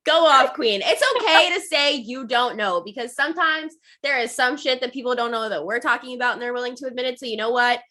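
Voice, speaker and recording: A woman co-hosting a casual sports podcast, giving firm opinions and egging her partner on. Her voice is bright and forceful, and it sits a little high. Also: fast talker, few pauses. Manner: opinionated, emphatic, cheers her co-host on. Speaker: podcast co-host.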